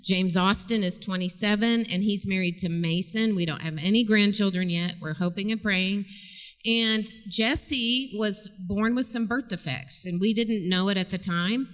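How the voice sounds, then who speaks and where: A woman's voice: mid-range voice, moderate pace, a bit bright. A woman in her fifties from upstate New York, a counselor chatting and joking as a guest in a church interview. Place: large church sanctuary. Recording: long church reverb.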